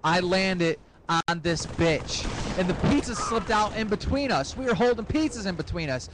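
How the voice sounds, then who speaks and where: A young man telling a comic story in a profane, rambling, excitable way. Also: high voice, normal speed, hardly any pauses, background noise. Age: young adult.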